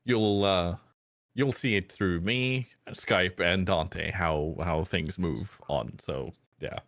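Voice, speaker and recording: A man hosting a live stream, explaining game rules in casual, halting chat. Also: sits low, a bit bright, no echo, clean studio sound. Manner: chatty, halting with restarts. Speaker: streamer host.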